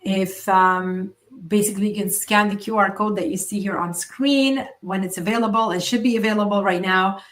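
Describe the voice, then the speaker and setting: A woman hosting a solo motivational podcast, speaking in an earnest coaching tone with emphatic pauses. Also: medium pitch, steady tone, a bit bright. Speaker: podcast host.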